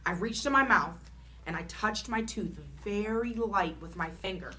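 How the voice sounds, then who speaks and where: A woman reading a children's chapter book aloud in an expressive, animated storytelling manner. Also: medium pitch, normal speed.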